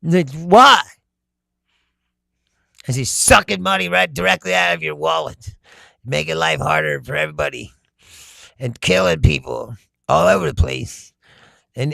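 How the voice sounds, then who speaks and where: A man's voice: on the high side, normal speed, creaky, dry recording, clean studio sound. A man hosting a live stream. He reads viewer comments aloud, talks with lots of energy, laughs often and swears. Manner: animated, laughs often, shouts, profane. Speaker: host.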